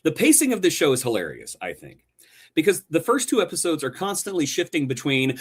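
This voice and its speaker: Sarcastic and animated, a man co-hosting a podcast critiques a show, with big pitch swings and theatrical flourishes for effect. He goes a little fast, and his voice has a breathy edge.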